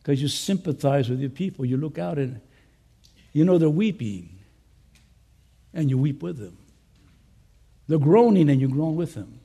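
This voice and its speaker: Man, pastor, sermon to pastors, husky, high-pitched, impassioned, conversational asides. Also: expressive, a little slow, pauses often. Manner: impassioned, swinging between loud urging and soft earnest asides. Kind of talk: conference sermon.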